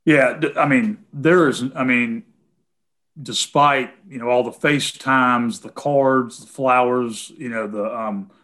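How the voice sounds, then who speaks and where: A man's voice: medium pitch, takes it slowly, a bit bright. A man with a Tennessee accent answering callers' questions in a casual conversation, hesitating often with "um" and "you know".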